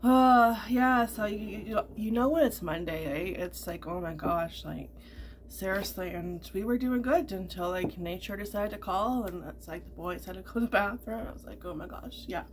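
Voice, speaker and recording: A woman's voice: mid-range voice, normal speed, slight background noise. A middle-aged woman vlogger chatting casually, rambling with lots of fillers and repeats. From Canada. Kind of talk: casual chat.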